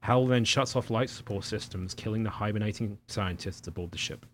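A man co-hosting a casual chat, reading plot summary and joking with loud laughing impressions. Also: fairly low pitch, brisk, slight background noise. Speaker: podcast co-host. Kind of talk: casual chat recapping a film.

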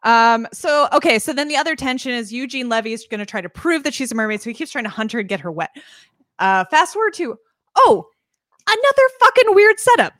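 Woman podcast co-host, lively higher voice, dry close sound, casual film chat. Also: a little fast, dry recording. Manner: animated, acts out scenes in voices. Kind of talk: casual movie discussion.

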